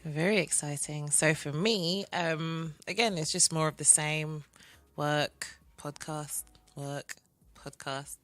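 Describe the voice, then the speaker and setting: A woman's voice: sits low, fairly even intonation, takes it slowly, a bit bright, dry recording. A woman in her twenties co-hosting a podcast, chatty and giggly, rambling with fillers. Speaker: podcast co-host. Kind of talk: casual chat.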